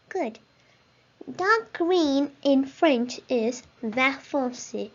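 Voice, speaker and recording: A woman with a high, light voice leads a vocabulary lesson at an unhurried pace. She pronounces each word carefully and encourages the listener to repeat after her. The recording sounds a little dull and lo-fi. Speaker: language teacher.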